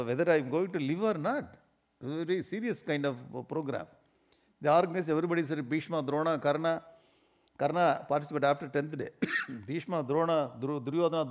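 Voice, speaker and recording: This spiritual teacher, whose Indian English-accented voice sits a bit high for a man, delivers a talk full of humor. Animated and quick to laugh, he illustrates ideas by slipping into small acted-out scenes from daily life.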